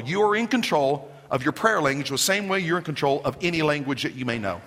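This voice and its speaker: A man preaching a sermon in an emphatic, animated way, with joking asides to the congregation. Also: fairly high pitch, quick pace, few pauses, big-room sound. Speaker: pastor.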